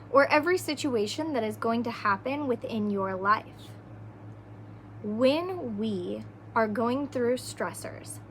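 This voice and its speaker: Slow, earnest woman podcaster. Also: a little high, fairly bright tone, a little hiss or hum. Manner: earnest, advice-giving, often asks "right?". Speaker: podcast host. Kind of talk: casual solo podcast talk.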